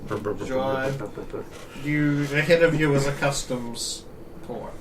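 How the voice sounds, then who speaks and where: A man running a tabletop game as game master, telling the scene in a relaxed, storytelling way. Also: medium pitch, slow. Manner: relaxed storytelling, often laughing. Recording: distant mic with background noise.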